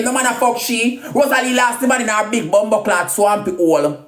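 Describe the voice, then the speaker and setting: A Jamaican woman ranting crudely on a live video, trading loud insults and singsong taunts. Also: fairly high pitch, steady tone, normal speed. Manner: loud crude cussing, sing-song taunts. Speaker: social media personality. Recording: roomy echo.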